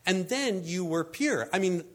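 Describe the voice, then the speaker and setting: A man's voice: sits high, measured pace, slight background noise. A man preaching a conversational sermon, telling stories and filling gaps with "I mean" and "you know.". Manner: animated storyteller, frequent fillers like "I mean" and "you know". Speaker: pastor.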